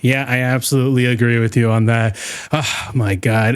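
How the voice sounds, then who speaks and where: A man's voice: mid-range voice, normal speed. A man hosting a reaction commentary, talking in a sarcastic, mocking way and swearing often. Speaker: commentary channel host.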